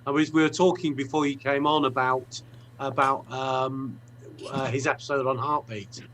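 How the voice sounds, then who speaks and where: A man's voice: medium pitch, steady tone, moderate pace, fairly bright tone, a little hiss or hum, low-quality recording. A man hosting a video call chat, friendly, with hesitant restarts. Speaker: host.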